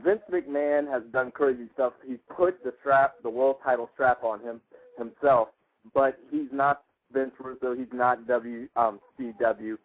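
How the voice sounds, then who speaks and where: A man's voice: medium pitch, measured pace, rough recording. Emphatic man on a radio show. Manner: emphatic, opinionated. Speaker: quiz contestant and co-host. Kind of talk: casual radio chat.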